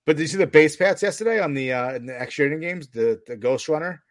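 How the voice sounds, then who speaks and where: A man's voice: a little high, expressive, fast, no echo. A New man co-hosting a podcast in casual sports banter, jokey and laughing often as he steers the talk. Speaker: podcast co-host.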